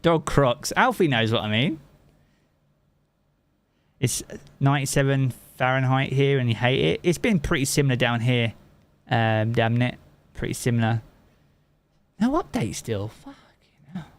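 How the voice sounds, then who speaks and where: A man's voice: mid-range voice, animated, unhurried, long pauses. A man from England with a Southern English accent, a game streamer chatting casually with his live chat and swearing freely.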